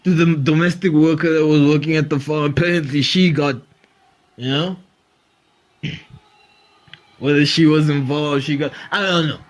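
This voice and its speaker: A man's voice: fairly high pitch, fairly even intonation, moderate pace, long pauses. A man hosting a comedy podcast, riffing animatedly, swearing freely and laughing often. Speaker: podcast host. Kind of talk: comedic monologue.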